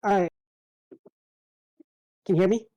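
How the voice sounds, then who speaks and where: A woman's voice: medium pitch, unhurried, warm tone, dull audio. A woman playing a tabletop game who politely describes what her character does. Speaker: player.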